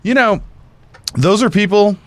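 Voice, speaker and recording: A man's voice: sits high, expressive, a little slow, fairly bright tone, no room sound. Man, cohost, casual chat, emphatic, enthusiastic, dry mic. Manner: enthusiastic, emphatic, explains at length. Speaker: co-host.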